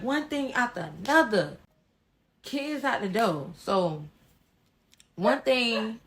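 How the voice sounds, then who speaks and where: A woman telling a personal story in a casual vlog, blunt and sassy, swinging between loud emphatic bursts and hushed asides. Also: mid-range voice. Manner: blunt and sassy with frequent slang.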